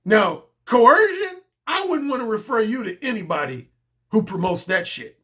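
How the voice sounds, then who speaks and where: A man's voice: high voice, very animated, moderate pace, fairly bright tone. A man speaking as a dating coach in a blunt, casual monologue, emphatic and profane, often repeating his key points.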